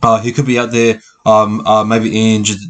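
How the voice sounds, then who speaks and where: A man giving a casual rugby league preview, talking haltingly with a stutter and many fillers. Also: on the low side, little pitch movement. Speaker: rugby league fan commentator. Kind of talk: casual pre-match preview.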